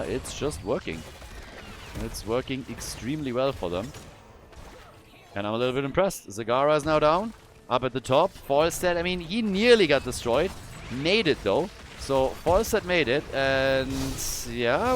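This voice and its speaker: A man casting a live esports match with animated play-by-play commentary and casual fillers. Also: medium pitch, noisy background. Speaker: esports caster.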